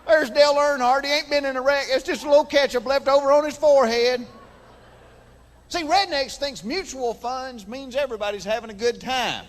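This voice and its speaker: A man's voice: very high voice, moderate pace, big-room sound. A man from Georgia with a Southern accent performing a folksy stand-up comedy routine on a theater stage. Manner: folksy storytelling with voices. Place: large theater stage before an audience.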